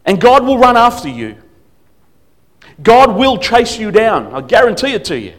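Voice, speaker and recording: Slightly high-voiced guy preaching in church, punchy then quiet, back and forth. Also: big pitch swings, moderate pace. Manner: emphatic, swings between loud declarations and quiet asides. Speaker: guest preacher. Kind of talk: sermon. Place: church service.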